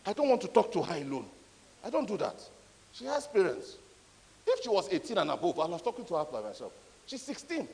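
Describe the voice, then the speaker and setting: A man tells stories at a conference in a high, swooping voice, pressing hard on his points. His talk rings through a big hall with a long echo. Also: brisk, creaky. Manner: animated, emphatic storyteller. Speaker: conference speaker. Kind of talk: storytelling talk. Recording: echoey hall.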